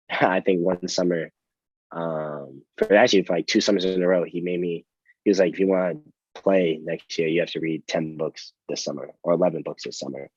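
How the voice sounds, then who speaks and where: Deep-voiced young man, casual storyteller. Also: moderate pace, breathy edge, no echo, dull audio. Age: young adult. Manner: relaxed, rambling with many fillers and restarts. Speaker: college athlete guest.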